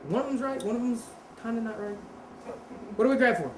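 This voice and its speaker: A woman's voice: a little high, fast talker. A woman teaching a martial arts seminar, talking casually, quizzing the class and correcting herself. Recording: roomy echo with steady background noise.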